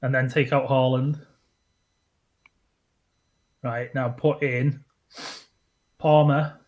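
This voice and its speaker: A man's voice: mid-range voice, flat delivery, extremely slow, narrow, tinny audio. A man co-hosting a podcast in casual chat over an online call, giving directions and laughing easily. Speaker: podcast co-host.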